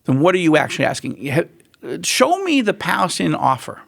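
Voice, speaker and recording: Man, animated storyteller, slightly high voice, very gravelly. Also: brisk. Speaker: guest author. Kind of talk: animated conversational interview.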